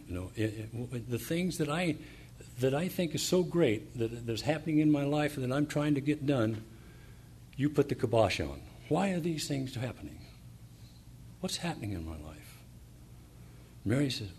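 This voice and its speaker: A man preaching a sermon, reading verses and explaining them, pausing often with fillers and restarts, then building up to fervent emphasis. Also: mid-range voice, lively intonation, darkish tone, slight background noise.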